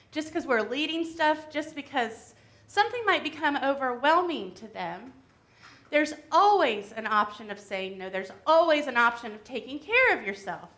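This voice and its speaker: Lady talking to the kids at church, simple gentle words, high voice. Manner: gentle, simple explanations aimed at children. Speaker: worship leader for a children's segment. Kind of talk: time-for-all-ages talk to children. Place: church sanctuary.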